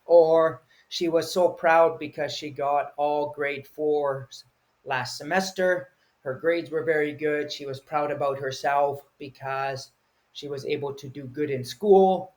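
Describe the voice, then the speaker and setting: A man's voice: fairly high pitch, fairly even intonation, takes it slowly, darkish tone. Patient man teaching English words. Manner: patient, acts out example feelings. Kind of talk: explaining vocabulary with examples.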